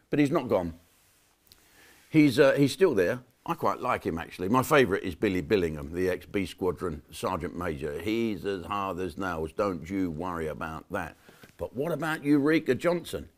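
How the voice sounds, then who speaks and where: A middle-aged comedian talks straight to camera in a brash, mocking monologue. His voice sits fairly low. He jumps from loud jokes to quiet muttered asides. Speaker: comedian hosting his own channel.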